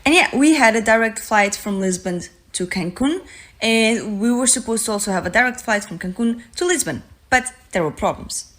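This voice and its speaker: A woman from Portugal telling a travel anecdote, earnest and slightly halting. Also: on the high side, animated, fairly bright tone. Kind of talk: casual storytelling.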